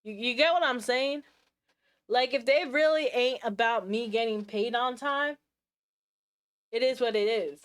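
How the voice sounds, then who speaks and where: Woman streamer just chatting w her viewers, slangy n sassy, lots of restarts. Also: fairly high pitch. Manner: slangy, sassy, talks in quick asides with restarts. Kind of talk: casual chat to a live stream audience.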